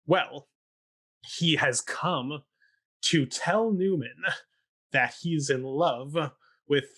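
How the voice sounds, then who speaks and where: A man's voice: fairly high pitch, drawn-out words, fairly bright tone. A young man co-hosting a talk show, recapping a stage play in a chatty, sarcastic way and mock-quoting the characters. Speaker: podcast co-host recapping a stage production. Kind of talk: casual chat.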